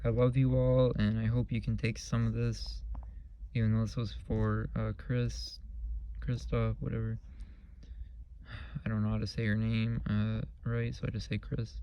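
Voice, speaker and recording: A man hosting his own channel, talking casually about spirituality in a rambling, earnest, profane way, and saying his energy is low. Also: little pitch movement, unhurried, warm tone, clear, resonant tone, poor audio. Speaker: channel host. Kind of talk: casual spiritual vlog monologue.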